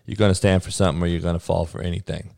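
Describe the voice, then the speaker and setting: A man's voice: low voice, little pitch movement, racing, gravelly, a little mellow, dry recording. A man who is a coach and podcaster, delivering a heated monologue rant in a blunt, profane, preachy way.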